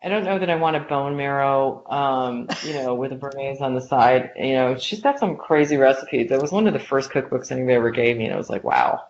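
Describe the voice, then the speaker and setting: A woman's voice: a bass voice, fairly quick, few pauses. A woman executive talking as an interview guest, chatty and full of filler likes as she tells stories. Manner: chatty, many filler likes, lively storytelling. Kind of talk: casual conversational interview. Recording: dull lo-fi podcast audio with faint hiss.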